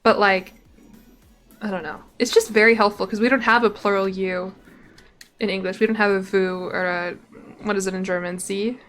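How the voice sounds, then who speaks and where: A woman's voice: medium pitch, steady tone, normal speed, a bit bright, faint music behind. A woman from Tennessee with a Southern accent, streaming a strategy game, chatting to viewers and reading event text aloud with wry asides.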